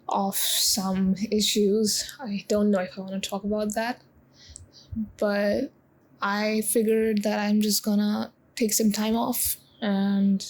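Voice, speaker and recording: A woman in her twenties talking in a confessional vlog, halting with many pauses and close to tears. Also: mid-range voice, a little mellow, rough recording. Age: 20s. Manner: halting, full of pauses and restarts. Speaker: vlogger.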